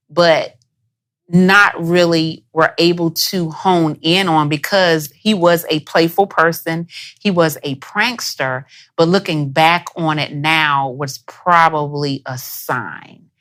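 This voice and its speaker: Woman, host, slow and measured questions, low-ish voice. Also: fairly bright tone. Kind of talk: interview questions.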